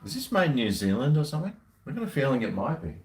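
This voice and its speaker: Cheeky man with animated pitch. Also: fast talker. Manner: cheeky, jokey, slangy banter. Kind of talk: casual live chat with viewers.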